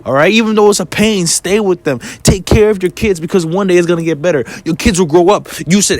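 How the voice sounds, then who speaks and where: A man's voice: high-pitched, quick pace, hardly any pauses, no echo. A man ranting to his viewers in a blunt, profane, heated way, giving life advice. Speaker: vlogger. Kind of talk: casual rant to camera.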